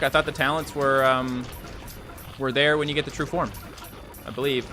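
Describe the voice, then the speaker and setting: A man's voice: mid-range voice, level tone, normal speed, sharp tone, soft background music. A young man live-streaming a mobile game, chatting loosely and answering viewer comments as he plays. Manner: coaxing the game on, repeating short phrases.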